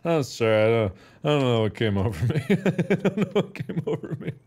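A man's voice: medium pitch, sing-song, fairly quick, a little mellow. A man hosting a gaming video, giving playful, goofy gameplay commentary with jokes and silly noises. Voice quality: goofy, jokey, bursts of laughter and silly sounds. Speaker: gaming host.

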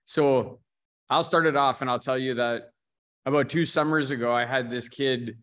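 A man hosting a relaxed martial arts podcast, with a middle-pitched, ordinary voice. He tells his stories plainly and turns the talk over to each guest in turn. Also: normal speed. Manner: storytelling, calls on guests in turn. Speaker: podcast host. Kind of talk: casual martial arts chat.

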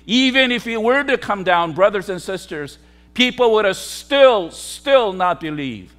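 A man, a pastor, preaching a sermon with emphatic, repetitive phrasing and sharp swings between loud declarations and hushed asides. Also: high-pitched, measured pace.

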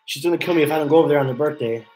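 A man's voice: a little high, rapid-fire, a little mellow, soft background music, poor audio. A man hosting a casual live stream from his home office, rambling and repeating himself as he reads chat messages aloud. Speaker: livestream host.

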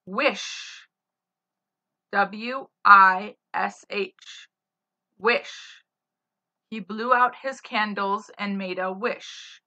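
A woman teaches spelling through slow dictation, saying each word slowly, spelling it letter by letter, then using it in an example sentence. Her medium-pitched voice is pushed and bright, and the recording has a slightly dull lo-fi quality.

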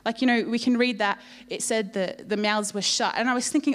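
High-voiced woman preaching playfully. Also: fairly quick, hardly any pauses. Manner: lively storytelling, playful asides to the congregation. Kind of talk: sermon. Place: church.

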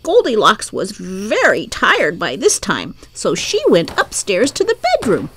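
A woman reading a children's story aloud in an expressive, sing-song way. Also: medium pitch, a little slow, a little hiss or hum.

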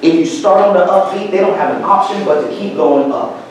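A man's voice: high voice, brisk, slight background noise. A man giving a motivational talk to a school audience, telling stories and acting out the voices of the people in them. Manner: storytelling, acts out quoted voices. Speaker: guest speaker. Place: school auditorium. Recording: very echoey hall, mic far off.

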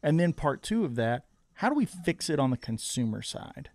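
A man's voice: a little high, very animated, normal speed, a little mellow, no echo. A man hosting a casual podcast conversation, asking earnest questions and restarting his sentences often. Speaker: podcast host.

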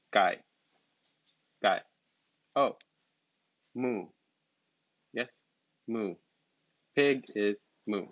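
Slow, patient man teaching words. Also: on the low side, a bit bright, no echo. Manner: repeats words slowly and patiently. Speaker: English teacher. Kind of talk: slow, simple vocabulary lesson. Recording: dull, lo-fi sound.

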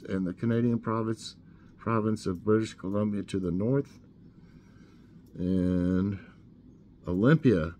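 A man hosting a casual trivia show, reading questions aloud and thinking out loud as he guesses. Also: mid-range voice, a little hiss or hum. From Tennessee. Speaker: host.

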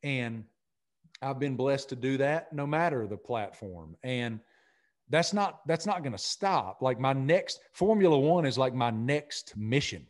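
Man, Southern accent, middle-aged, earnest and energetic, repeats himself, podcast guest. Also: medium pitch, unhurried. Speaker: podcast guest, sports broadcaster. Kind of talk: casual interview talk.

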